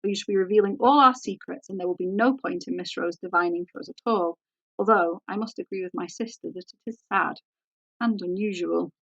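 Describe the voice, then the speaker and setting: A woman's voice: medium pitch, brisk, fairly bright tone, no echo, muffled recording. A woman voicing a composed elder sister who questions politely and persistently. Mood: hushing. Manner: polite, inquisitive.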